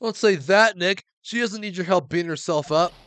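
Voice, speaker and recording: A man voicing a spunky teenage girl assistant in a game, with a bright, chiding manner. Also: sits high, moderate pace, clear, resonant tone, voice pushed up.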